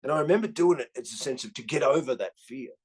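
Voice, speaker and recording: A man in his fifties with an Australian accent, swearing freely and tagging his lines with "right?" as he tells animated stories in a casual chat. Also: medium pitch, fast talker, husky. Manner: animated storyteller. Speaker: guest comedian.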